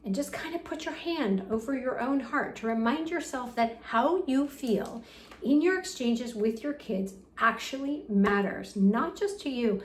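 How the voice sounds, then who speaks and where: Soft-spoken parenting coach lady, kinda high voice, echoey room with a little hiss behind her. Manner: gentle, soothing, acts out soft example phrases. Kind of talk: talking-head parenting lesson.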